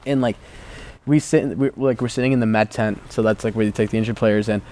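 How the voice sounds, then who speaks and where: Talking fast in a voice on the low side, this young adult guest from the United States spins a casual, animated story. "Like" pops up again and again.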